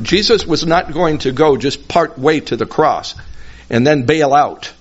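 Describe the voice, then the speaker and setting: A husky, mid-range male voice works through expository Bible teaching, explaining at a slow, deliberate pace and singing tonal words in another language. It's captured on a dull lo-fi recording.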